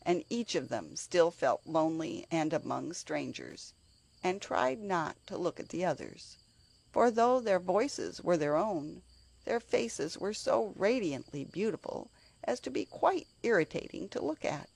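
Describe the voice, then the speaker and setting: A woman narrating a children's storybook with an expressive, animated reading. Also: lowish voice, measured pace, gravelly, slightly rough.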